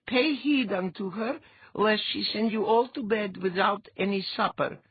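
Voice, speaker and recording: A woman's voice: medium pitch, unhurried, slightly rough, no echo, pitched above the performer's own voice. A man voicing a teasing young woman who speaks in mock-solemn old-fashioned tones. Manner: solemn mock-archaic intoning. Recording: dull lo-fi audiobook recording.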